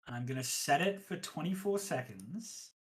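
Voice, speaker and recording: A game master running a one-on-one tabletop game, talking hesitantly with many pauses and fillers. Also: mid-range voice, animated, rough recording. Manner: hesitant, many ums, counts aloud.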